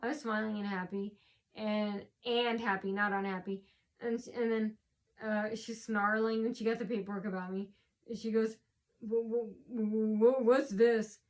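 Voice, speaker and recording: Sounding drained from missing sleep, a vlogger recounts a run-in of her own in a loose, rambling way, at medium pitch. Fillers, restarts and repeated phrases keep pulling her back over the same ground.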